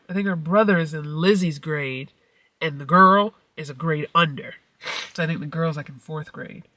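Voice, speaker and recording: A middle-aged mommy vlogger tells a story in a loose, chatty way, and her voice leaps up high whenever she acts out what someone said. Her tone is bright and forward. The recording is dry, with the mic set a little away from her. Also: no room sound, far from the mic. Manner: animated storytelling, acts out quotes with big pitch jumps. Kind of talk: casual vlog talk.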